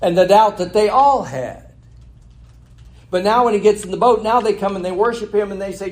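A man's voice: high voice, moderate pace. A man preaching a sermon who reads a scripture passage, then retells it in his own words and asks rhetorical questions. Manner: laughs at his own slip and corrects himself.

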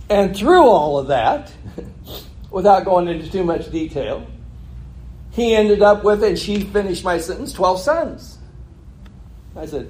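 A man's voice: sits high, slow pace, long pauses. A man from California, a pastor telling a story in a sermon and acting out both sides of a conversation. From California, USA. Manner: animated anecdotal delivery, acts out both sides of a dialogue.

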